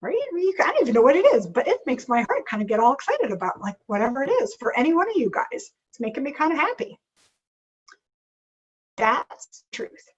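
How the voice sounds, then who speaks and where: A woman leading a live group workshop as a leadership coach, talking in an animated way and acting out inner voices. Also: high voice, brisk, muffled recording.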